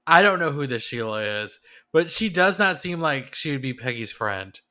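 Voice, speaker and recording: Bright, lively, hesitant man musing aloud. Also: mid-range voice, normal speed. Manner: hesitant, musing, with many "I don't know"s and "like"s. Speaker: podcast co-host. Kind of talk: casual chat.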